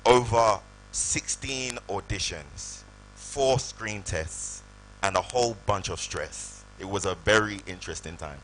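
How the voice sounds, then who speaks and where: A low-voiced guest actor from the UK delivers animated stage stories to a live hall audience, performing the voices in his anecdotes at a measured pace. The poor audio has a little hiss or hum.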